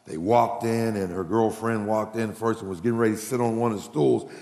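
A male preacher delivering a humorous, folksy sermon, telling stories and acting out the people in them. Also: fairly quick. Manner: folksy, animated, jumps into high voices for quoted characters. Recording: echoey hall.

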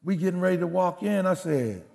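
Animated preacher in a reverberant hall. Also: male voice, sits high, brisk, vocal fry. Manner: animated, acts out quotes, laughs. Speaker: pastor. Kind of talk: sermon storytelling.

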